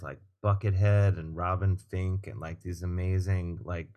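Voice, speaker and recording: Low-voiced man telling animated stories. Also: normal speed. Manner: animated, swears, acts out quoted people. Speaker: guest comedian and musician. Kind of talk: casual storytelling chat.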